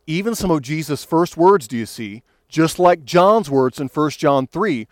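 Preaching earnestly and pastorally, this man has a slightly high, expressive voice and speaks a little slowly, with no echo. When he quotes, he builds to fervent emphasis.

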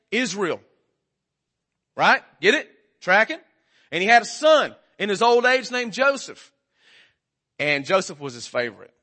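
High, bright-voiced preacher man. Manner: conversational, joking, quizzes the congregation. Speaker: pastor. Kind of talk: sermon.

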